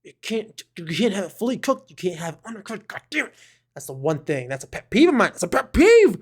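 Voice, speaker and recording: A man's voice: high voice, big pitch swings, quick pace, husky. A man co-hosting a podcast in casual chat, rambling with fillers and flaring into mock outrage. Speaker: podcast co-host.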